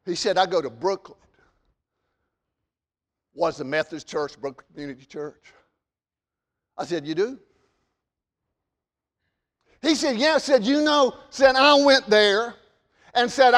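A man preaching a sermon, stammering on repeated words and swinging between loud emphasis and quiet asides. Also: high voice, big-room sound.

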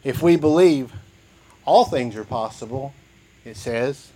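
A man's voice: mid-range voice, takes it slowly, dark tone. A man preaching a sermon, reading scripture and repeating key phrases for emphasis. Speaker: pastor.

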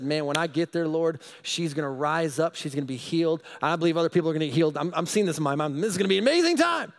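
A male pastor telling a personal story in a sermon, animated and rising to excited emphasis. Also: fairly high pitch.

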